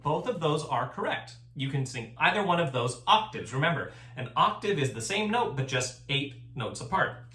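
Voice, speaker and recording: A man's voice: a little high, big pitch swings, moderate pace, sharp tone, echoey room. A man teaching a recorded choir lesson, explaining things patiently and step by step. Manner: patient, step-by-step instruction with sung examples.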